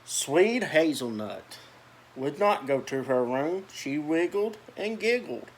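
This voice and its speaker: A man's voice: fairly high pitch, very animated, slow pace. A man reading a children's picture book aloud, with chatty asides about the pictures. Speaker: storyteller.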